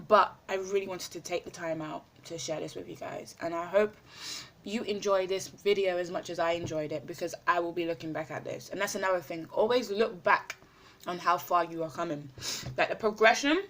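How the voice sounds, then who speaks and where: A woman's voice: on the low side, normal speed, a bit bright. A woman talking effusively in a casual video diary, full of fillers and repeated words, at times chewing as she speaks. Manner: talks while eating. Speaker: vlogger.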